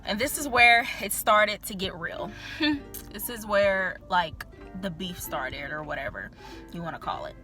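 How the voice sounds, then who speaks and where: A woman's voice: mid-range voice, animated, a little slow, sharp tone, soft background music. A young woman vlogger telling a candid personal story in a chatty, filler-heavy way, swearing freely.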